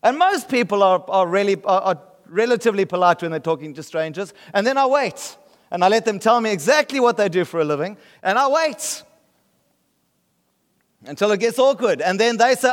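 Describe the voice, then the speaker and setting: A man's voice: high voice, animated, fairly quick, long reverb tail. A man from South Africa with a South African accent, preaching a sermon in a conversational way and often checking that the listeners follow. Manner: conversational, often asks the room if they get the point. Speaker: pastor.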